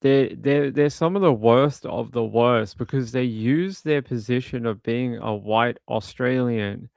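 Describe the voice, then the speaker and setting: Gravelly man on a casual true crime stream. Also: mid-range voice, measured pace, a little mellow, dry recording, studio quality. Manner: rambling and indignant, with frequent restarts. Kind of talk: casual commentary while watching videos.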